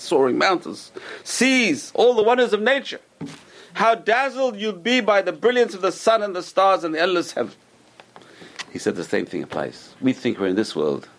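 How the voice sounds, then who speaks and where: A man's voice: medium pitch, creaky, a bit bright, husky. A man teaching a religious class to a group, telling stories with restarts and acted-out quotes. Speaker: Torah teacher.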